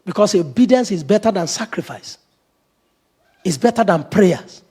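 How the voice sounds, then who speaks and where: A middle-aged man, a pastor, preaching an animated sermon, acting out quoted voices and laughing often. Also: high-pitched, normal speed, slightly rough.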